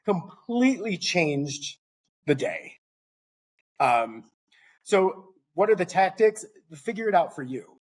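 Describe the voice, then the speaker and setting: Husky-voiced man telling a lively story. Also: high-pitched, takes it slowly. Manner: animated, acts out dialogue in anecdotes. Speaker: podcast guest, entrepreneur. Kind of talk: conversational storytelling.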